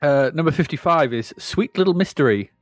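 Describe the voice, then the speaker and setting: Male co-host, dry wit, animated, close dry mic. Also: a little high, brisk, dry recording. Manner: laughs often, dry humour. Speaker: podcast co-host. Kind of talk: casual chat.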